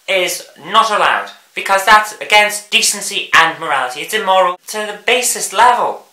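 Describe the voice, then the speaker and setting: A woman's voice: mid-range voice, expressive, moderate pace, bright, forceful tone, roomy sound, low-quality recording. A woman hosting a vlog, ranting about the news in an angry, sarcastic, sweary way. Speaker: vlog host.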